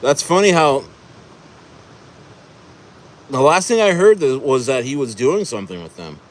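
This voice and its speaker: A man's voice: mid-range voice, lively intonation, measured pace, a little hiss or hum. A man from New Jersey hosting a livestream in casual chat, rambling with many restarts. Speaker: livestream host.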